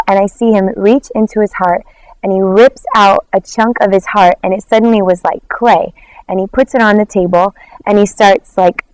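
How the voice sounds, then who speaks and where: A worship leader tells a personal testimony in an interview, animated and acting out quoted dialogue, with lots of "like" fillers. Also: female voice, mid-range voice, clear, resonant tone, rough recording. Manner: frequent "like" fillers.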